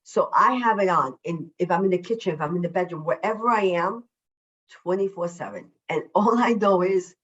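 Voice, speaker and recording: Effusive upbeat woman, low voice, dull audio. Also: fairly bright tone. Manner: deliberately slowing her usual fast speech. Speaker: self-love coach, podcast guest. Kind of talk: casual podcast interview.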